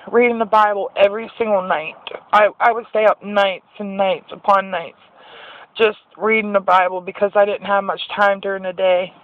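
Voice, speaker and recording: A woman's voice: mid-range voice, lo-fi sound. A woman sharing a personal faith testimony in an earnest, rambling way, often restarting her sentences.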